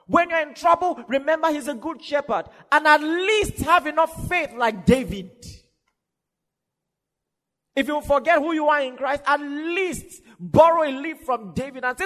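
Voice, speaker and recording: A man preaching a sermon with fervour, swinging from shouted declarations to soft, laughing asides. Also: very high voice, normal speed. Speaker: pastor. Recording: long reverb of a large hall.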